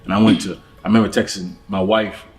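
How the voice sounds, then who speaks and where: A pastor telling his story in a casual church talk show, animated and laughing often. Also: fairly low pitch, fast, soft background music.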